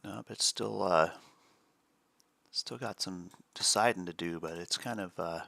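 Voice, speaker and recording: Dry, bright-voiced man chatting trades. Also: sits low, unhurried, gravelly, no room sound. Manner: relaxed, chuckles often, explains chart setups. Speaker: day trading stream co-host. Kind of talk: casual live-stream chat.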